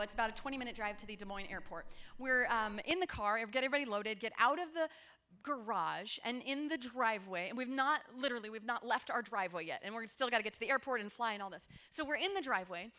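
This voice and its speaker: A woman in her forties giving a conference workshop talk, telling stories in a lively, conversational way with asides to her audience. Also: on the high side. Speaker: workshop presenter. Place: conference room with a seated audience.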